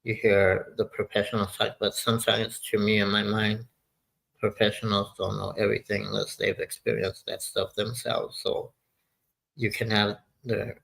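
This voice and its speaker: A man's voice: on the low side, moderate pace, creaky, fairly bright tone, poor audio. A man in his sixties hosting a casual live chat, rambling and often losing his train of thought. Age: 60s. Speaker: livestream host.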